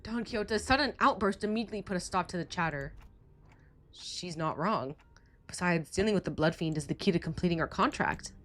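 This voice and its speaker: A woman narrating a game scene in an even, low, calm voice. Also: brisk.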